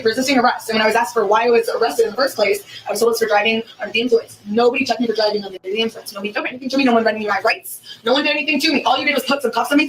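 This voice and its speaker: Yelling indignant woman, distant body cam. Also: a little high. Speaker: arrested woman. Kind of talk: angry yelling at police. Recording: distant body cam audio with faint noise.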